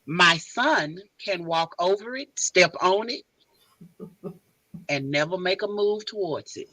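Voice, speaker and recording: Woman guest, emphatic advice, bright forceful voice, dry close sound. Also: lowish voice, takes it slowly, no echo, rough recording. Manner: emphatic, animated advice-giving. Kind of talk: casual chat.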